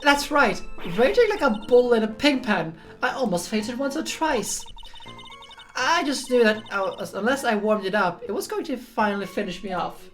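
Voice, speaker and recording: Jolly, complaining old nun with a bad back, done by a woman; raised pitch, big theatrical delivery. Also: lively intonation, normal speed, faint music behind, lightly acted. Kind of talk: dramatic reading of game dialogue.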